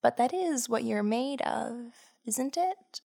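A woman's voice: on the high side, lively intonation, takes it slowly, gravelly, heavily acted. Aunt Hilary, a woman doing a cheerful old lady. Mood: chiding. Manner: sweet, knowing, gently chiding. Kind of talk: audio storybook character voice.

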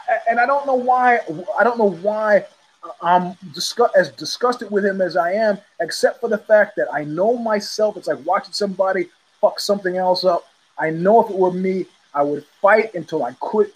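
A man's voice: high-pitched, moderate pace, breathy edge, poor audio. A man hosting his own show, talking in a blunt, sardonic, rambling way, with frequent restarts. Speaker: host. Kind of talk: casual solo commentary.

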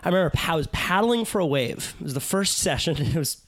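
A man hosting a podcast, telling a personal story in a reflective way that trails off softly. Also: a little high, animated, quick pace, no room sound. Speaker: podcast host. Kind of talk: casual podcast conversation.

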